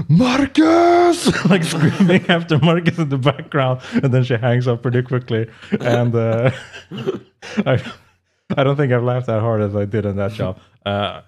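A man's voice: mid-range voice, steady tone, measured pace. A man co-hosting a podcast, telling rambling anecdotes in casual chat and laughing often. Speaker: podcast co-host.

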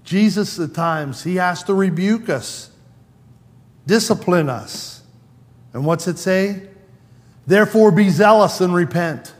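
Slow-preaching man in a reverberant hall. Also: high-pitched. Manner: conversational, acts out quoted lines in a raised voice. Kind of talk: sermon. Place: church sanctuary.

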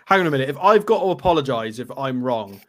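A man co-hosting a fan podcast in casual chat, chirpy and quick to tease. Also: mid-range voice, lively intonation. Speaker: podcast co-host.

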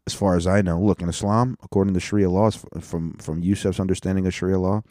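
A man with a very deep, mellow voice rambles through a profane solo rant, often stopping to correct himself. The sound is dry and close, with no room around it. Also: no room sound. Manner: profane, rambling, self-interrupting. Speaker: stand-up comedian and podcast host.

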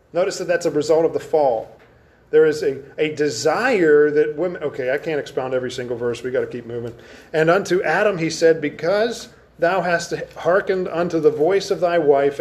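A man with a fairly high voice teaches an adult Bible class in a church classroom. He speaks with emphasis, reading scripture aloud and dwelling on key words. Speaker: Sunday school teacher.

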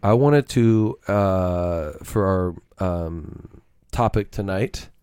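A man's voice: deep voice, drawn-out words, a little mellow, smooth, no echo, clean studio sound. A middle-aged man hosting a podcast, talking in a laid-back, rambling, casual way. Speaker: podcast host, father.

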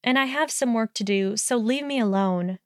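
A sharp young witch who answers crisply and haughtily, as a woman voices her in a reading. The sound is smooth and dry, right up on the mic. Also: on the high side, normal speed, no echo, close to an everyday voice.

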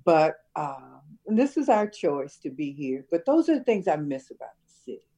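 An older woman, a retired schoolteacher from Chicago, reminiscing in a relaxed conversation and laughing often. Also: low voice, moderate pace, slightly rough. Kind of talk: casual conversation.

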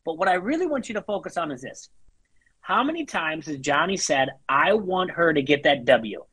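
Husky co-host making a point, dry sound. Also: mid-range voice, big pitch swings, normal speed, no echo, poor audio. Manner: argumentative, builds a point, quotes people, trails off quietly. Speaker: podcast co-host. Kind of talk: casual chat recapping a reality show.

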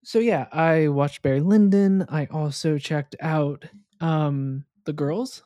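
Easygoing podcast co-host with a dark tone. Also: mid-range voice, takes it slowly, no echo, clean studio sound. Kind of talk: casual film chat.

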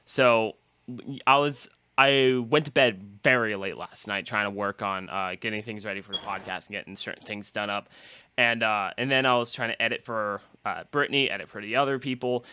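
A man's voice: fairly low pitch, normal speed, sharp tone, clean tone. A man hosting a podcast, rambling through a story about his busy day and acting out the quotes. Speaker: podcast host. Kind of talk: casual podcast chat.

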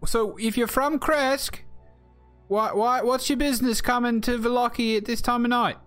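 A man's voice: very high voice, steady tone, normal speed, a bit bright, faint music behind, pitched above the performer's own voice. A man voicing a suspicious male town gate guard who questions travelers and repeats himself.

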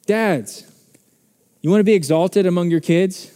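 Fervent preaching man, mellow voice. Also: sits high, measured pace, pauses often, long reverb tail. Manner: impassioned, building to fervent peaks. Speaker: pastor. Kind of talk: sermon. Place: church sanctuary.

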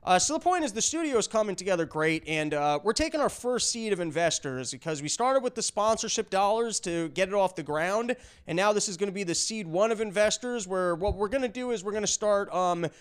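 Male podcast host, high smooth voice, rambling sarcastic monologue. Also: lively intonation, a little fast, few pauses.

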